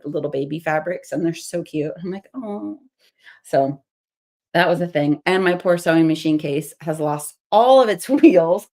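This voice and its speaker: Chatty craft vlogger, a woman with a deep voice and a bit of fry, talking through a project at home. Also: darkish tone. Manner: chatty and rambling, laughs often. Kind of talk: casual crafting tutorial chat.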